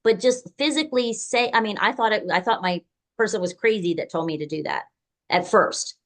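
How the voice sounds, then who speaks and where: A woman's voice: medium pitch, a little fast, a bit bright. A woman hosting a podcast speaks in a mid-range voice. She gives her guest firm, practical suggestions, one step at a time. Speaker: podcast host. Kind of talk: advice in conversation.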